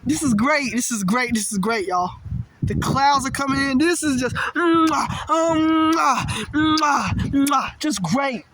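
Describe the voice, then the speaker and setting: High-voiced excitable man outdoors in wind. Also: normal speed. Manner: excitable, exclaiming, repeatedly addressing viewers as y'all. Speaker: amateur weather vlogger. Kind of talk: excited outdoor weather vlog. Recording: loud wind noise outdoors.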